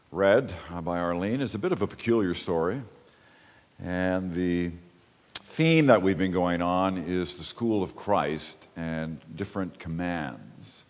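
A man preaching a sermon in a thoughtful, halting way, often pausing to reread a passage aloud. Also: deep voice, in a large hall. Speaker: pastor.

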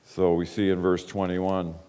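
A man's voice: low-pitched, level tone, measured pace, dark tone, smooth. A man preaching a sermon, explaining scripture and stressing quoted words. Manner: explanatory, emphatic when quoting scripture. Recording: hall reverb.

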